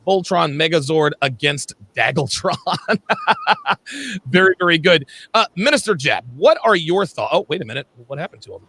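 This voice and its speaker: Man, livestream host, high, gravelly, bright, animated. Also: normal speed. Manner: blunt, emphatic and profane, calling on panelists. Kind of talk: panel discussion on a livestream.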